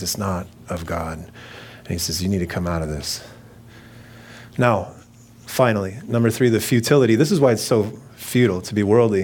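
A man's voice: fairly low pitch, a little mellow. Conversational man preaching a sermon. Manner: conversational, jokey asides with mimicked voices. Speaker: pastor.

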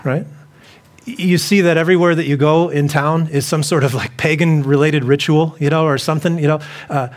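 A man's voice: a little high, fairly even intonation, brisk, slight background noise. A middle-aged man preaching a sermon to a congregation in a loose, conversational way, often repeating himself and putting questions to the listeners. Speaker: pastor.

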